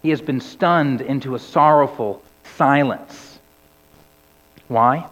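A male preacher delivers a sermon in a church sanctuary, sinking to a hush on weighty words and rising to loud cries on scripture. The sound is muffled and a bit dull. A long reverb trails through the hall. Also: takes it slowly. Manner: rises to loud cries on quoted scripture, drops low and soft on key words. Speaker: pastor.

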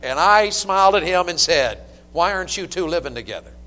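Animated high-voiced preacher. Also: male voice, brisk, background noise. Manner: animated, folksy preaching with humor. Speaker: pastor. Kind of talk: sermon. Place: church sanctuary. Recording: long reverb of a church hall.

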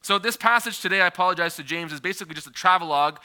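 A man in his thirties preaching a sermon, telling a personal story in a conversational, animated way. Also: sits high, very fast. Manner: conversational, animated, with frequent filler and restarts.

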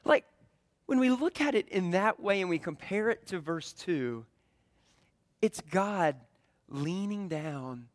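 A man's voice: sits high, lively intonation, slow, pauses often, dry recording, studio quality. A man in his thirties with a Southern US accent, preaching a conversational sermon full of storytelling and acted-out dialogue. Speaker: pastor.

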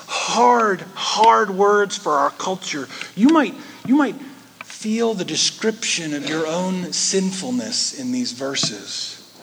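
A man's voice: sits high, a bit bright, slightly rough, low-quality recording. A male pastor preaching a sermon in a church, emphatic and conversational, with frequent asides to the congregation.

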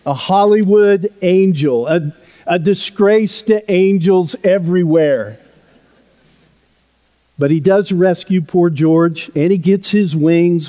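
Pastor guy preaching, mellow dark voice, kinda high, long church echo. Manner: conversational storytelling with sudden soft drops. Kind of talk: sermon. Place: church sanctuary. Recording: long hall reverb.

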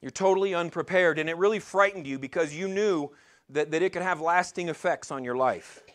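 A man's voice: a little high, fairly quick, a bit bright. A man preaching a sermon in a conversational way, asking his listeners rhetorical questions and sometimes stumbling and restarting. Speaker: pastor.

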